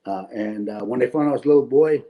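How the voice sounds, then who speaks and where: Talking fast in a mid-range voice, a middle-aged comedian from Canada rambles through stand-up storytelling on a webcam at home. The recording sounds muffled, and the set is for an online event. He sprinkles in tag questions and laughs at his own jokes.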